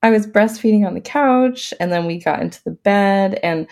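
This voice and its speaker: Gravelly, mellow-voiced woman telling her story. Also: mid-range voice, normal speed. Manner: laughs often while talking; casual, many fillers. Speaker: podcast guest. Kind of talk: personal storytelling in an interview.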